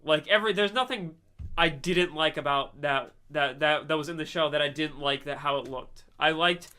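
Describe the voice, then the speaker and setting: Young guy on a podcast, bright voice, bit high, laughs and swears while complaining about a show. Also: moderate pace, smooth. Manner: laughing, irritated, swears, mimics characters. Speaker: podcast co-host. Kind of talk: casual anime review chat.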